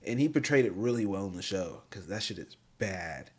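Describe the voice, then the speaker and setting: A man's voice: low voice, expressive, a little fast, a little mellow, slightly rough. A man co-hosting a podcast, retelling a show's plot in loose, slangy casual chat full of fillers. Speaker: podcast co-host.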